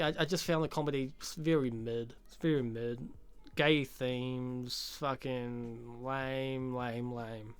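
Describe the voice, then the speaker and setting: Guy, sardonic profane reviewer, smooth voice, dry close sound. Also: on the high side, fairly bright tone, no room sound. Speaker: movie reviewer. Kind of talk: casual movie review rant.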